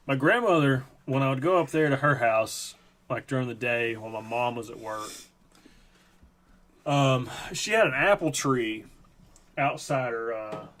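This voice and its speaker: A man's voice: mid-range voice, fairly bright tone, slight background noise. A man hosting a live stream, telling a rambling, profane story in a casual chat. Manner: rambling, profane, lots of fillers.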